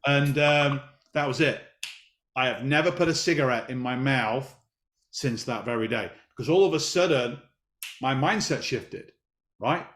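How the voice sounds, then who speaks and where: Man in his fifties, middle-pitched voice, emphatic motivational storytelling, echoey room. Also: a little slow, a bit bright. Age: 50s. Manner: emphatic, repeats key phrases. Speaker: business guest.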